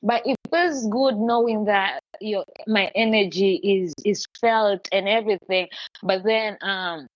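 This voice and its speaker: A woman hosting a podcast in casual live-stream chat, talking in a chatty, animated way with many restarts. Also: mid-range voice, measured pace, no echo, highs cut off. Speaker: podcast host.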